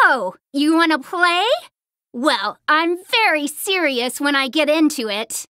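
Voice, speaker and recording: A woman voicing a spunky, cocky young girl fighter in video game voice lines, brash and boastful with yelled battle cries, recorded close in a studio. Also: big pitch swings, slow pace, no room sound, heavily acted. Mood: cocky teasing. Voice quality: high bright girlish voice. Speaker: voice actor. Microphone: close studio mic.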